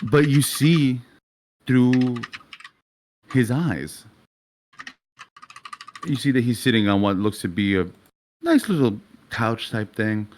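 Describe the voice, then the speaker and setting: A man's voice: medium pitch, animated, takes it slowly, long pauses, a little mellow. A young adult man narrating a tabletop game as game master, in a vivid, casual way with swearing.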